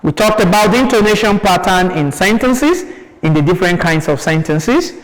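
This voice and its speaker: A man's voice: high-pitched, animated, moderate pace. A man with a Nigerian English accent teaching a televised primary school lesson, asking his pupils questions and then answering them in a sing-song teaching voice. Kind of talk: classroom lesson on TV. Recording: long hall reverb.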